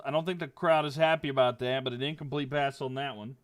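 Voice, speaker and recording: A young man giving casual play-by-play commentary on a livestream, getting louder on big plays and dropping low when he talks to viewers. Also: steady tone. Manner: rises and quickens on big plays, drops low chatting with viewers.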